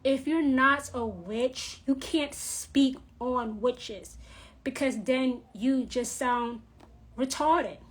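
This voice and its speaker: A woman's voice: high voice, slow. A woman vlogger ranting in a blunt, profane, scolding monologue. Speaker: witch vlogger.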